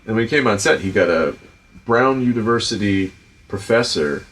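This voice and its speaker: A middle-aged man with a Providence, Rhode Island accent, hosting a casual chat and telling stories about directing in an animated, profane way with lots of fillers. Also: fairly low pitch, moderate pace. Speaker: podcast host and film director.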